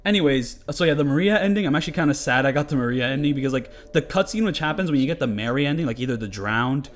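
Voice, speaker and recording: A man's voice: medium pitch, animated, fast. A young man talking loosely over gameplay as a commentator, rambling and swearing, with many filler words. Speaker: gaming commentator. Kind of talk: casual game commentary.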